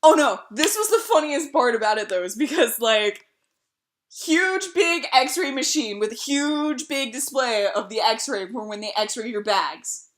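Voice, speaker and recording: High bright-voiced young woman storyteller. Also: a little slow. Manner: animated storytelling, swears freely, laughs often. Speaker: streamer. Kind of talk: casual chat.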